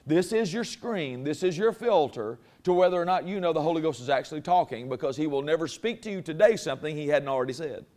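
A man's voice: on the high side, expressive, fast talker, hardly any pauses, a little mellow. A man preaching a sermon to a congregation in a folksy, conversational way that builds in force. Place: church before a congregation.

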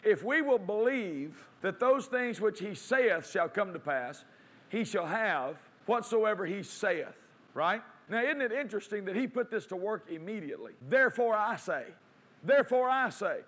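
High-voiced man preaching a sermon. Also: animated, moderate pace, a bit bright. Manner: preaching with rising emphasis, quoting scripture; asks and answers his own questions.

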